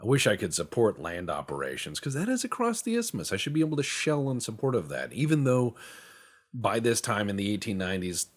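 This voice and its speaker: A man with a deep, husky voice riffs casually over his gameplay. He rambles from thought to thought, tossing in profane jokes and goofy boasts in a loose, unscripted way. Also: sing-song, a little fast. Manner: rambling, joking, profane banter. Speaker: game streamer.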